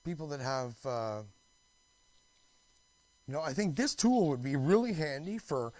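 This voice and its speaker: A man's voice: on the high side, lively intonation, measured pace, a little mellow, no room sound, rough recording. A man from Canada talking in a rambling, restless monologue, full of restarts, fillers and swearing. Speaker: vlogger.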